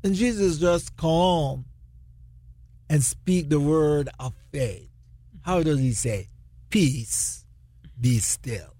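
Animated, laughing Bible-teaching co-host. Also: medium pitch, slow pace, long pauses, dry recording. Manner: animated, laughs often, retells scripture dramatically; non-standard English grammar. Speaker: Christian radio co-host.

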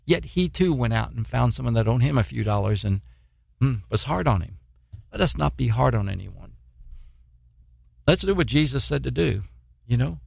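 A man preaching a sermon, reading scripture and explaining it in a halting way, with repeated words and fillers. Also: mid-range voice, expressive, gravelly, darkish tone, husky, no echo, clean studio sound.

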